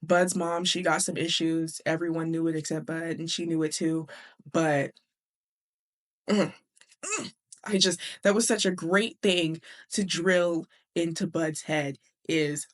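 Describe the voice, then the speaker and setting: A woman hosting a casual book discussion, chatty and animated, with blunt profanity. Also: low-pitched, a little slow. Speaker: host.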